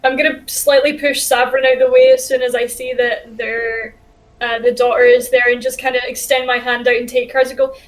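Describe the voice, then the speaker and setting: A woman's voice: a little high, flat delivery, fairly quick. A woman playing a tabletop game, playful and giggly. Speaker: player. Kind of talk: casual tabletop game play.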